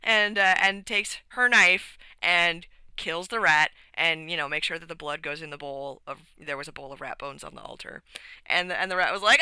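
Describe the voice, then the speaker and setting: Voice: mid-range voice, pushed and bright, clean tone, poor audio. A streamer rambling through a casual recap of a tabletop game session, with lots of fillers and restarts.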